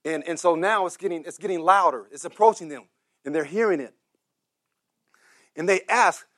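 A man with a high, expressive voice preaches a sermon at a normal speed. He acts out the voices of beggars and crowds, repeating words and building up to shouted cries.

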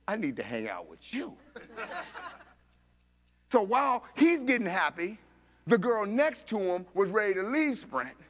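A man preaching a sermon, telling a story with animated voices for each person and laughing along. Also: high-pitched.

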